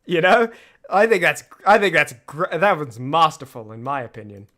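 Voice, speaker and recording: A man's voice: on the high side, big pitch swings, normal speed, bright, forceful tone. A man streamer giving loose, laughing commentary on his own videos, full of restarts. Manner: rambling, laughs often, many restarts.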